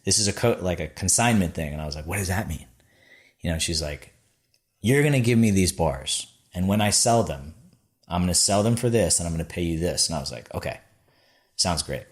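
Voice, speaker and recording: A man with a very low, deep voice tells his founding story in a relaxed podcast chat. He acts out the people he quotes and fills his talk with "like" and "I was like.". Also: a little fast. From Florida. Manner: animated storyteller acting out quotes, lots of "like". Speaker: podcast guest, snack bar founder. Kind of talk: casual storytelling interview.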